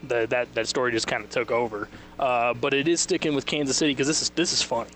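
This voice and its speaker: A man hosting a sports radio show live from a liquor store, chatting casually and quickly, sometimes mimicking other people's voices. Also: mid-range voice, steady tone, fairly bright tone, slight background noise.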